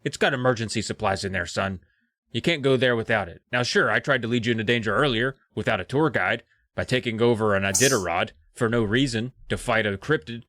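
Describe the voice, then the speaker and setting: A man's voice: medium pitch, a little fast, fairly bright tone, no room sound, clean studio sound, close to an everyday voice. A man putting on a bossy, reckless middle-aged father who barks orders and exclaims. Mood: lecturing.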